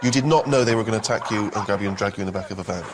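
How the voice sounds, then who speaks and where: A man's voice: lowish voice, very fast, noisy background. A man co-hosting, asking wry, probing questions in casual comedic chat. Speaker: co-host.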